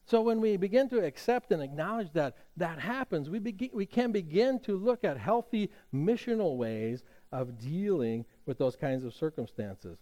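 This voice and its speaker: A middle-aged man delivers a sermon from the pulpit, his voice sitting slightly high for a man. He tells stories conversationally, pausing on fillers and restarting his sentences as he goes. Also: animated, warm tone. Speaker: pastor.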